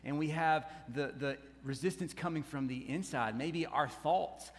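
A man preaching with a high, lifted voice, his words trailing off into a long hall reverb. He swings from loud rising appeals to quiet dropped asides and keeps putting questions to the congregation. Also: measured pace. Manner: animated preaching that rises and drops, with asides to the congregation. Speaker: pastor. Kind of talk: sermon.

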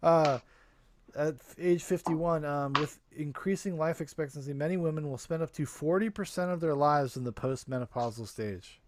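A man's voice: a little high, normal speed, slight background noise. A man co-hosting a podcast in casual chat, reading facts aloud with an amused tone. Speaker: podcast co-host.

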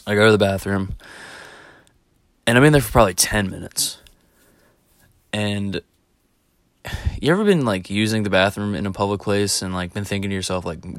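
Casual vlogger, male, low voice, rambling profane storyteller, laughs as he talks, dry close sound. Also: fairly even intonation, moderate pace, fairly bright tone, dry recording.

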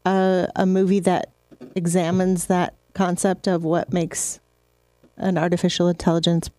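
A woman's voice: fairly low pitch, little pitch movement, a little slow, mellow, dry recording. A woman co-hosting a casual chat, asking curious questions. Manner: inquisitive. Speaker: podcast co-host.

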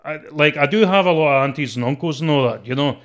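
A Scottish man with a deep, strong voice, talking shyly and hesitantly as an interview guest, with many fillers. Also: fast. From Scotland. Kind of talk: casual interview.

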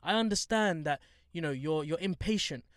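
A young man, chatting casually and telling animated stories full of slang. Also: fairly high pitch, moderate pace, clean tone, dry recording, studio quality. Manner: animated storytelling, heavy slang. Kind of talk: casual chat.

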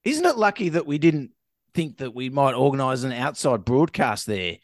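Lively man, laughing often. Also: medium pitch, moderate pace, dry recording, clean studio sound. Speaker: co-host. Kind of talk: casual chat, reading news items aloud.

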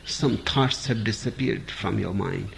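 A man giving a spiritual discourse, speaking in short phrases with long pauses between them. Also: on the low side, vocal fry, fairly bright tone, a little hiss or hum. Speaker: spiritual teacher.

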